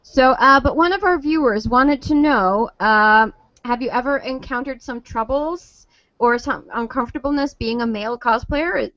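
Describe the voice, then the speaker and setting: A woman's voice: fairly high pitch, moderate pace, dry recording. A woman co-hosting a podcast, chatty and giggly as she asks the guest questions. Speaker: podcast co-host. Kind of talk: casual interview chat. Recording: dull lo-fi podcast audio.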